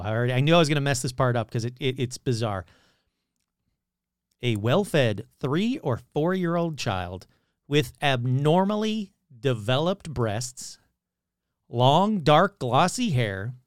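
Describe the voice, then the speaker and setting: A man's voice: medium pitch, no room sound, studio quality. A man hosting a podcast, retelling an old story in a casual, sarcastic and profane way. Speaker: podcast host.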